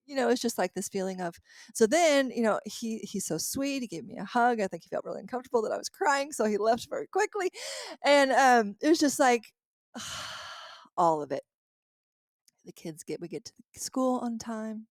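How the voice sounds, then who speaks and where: A woman in her thirties hosting a podcast as a coach, telling a personal story in a lively, laughing way and acting out her own past lines. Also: fairly high pitch, normal speed, dry recording, studio quality. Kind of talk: casual storytelling monologue.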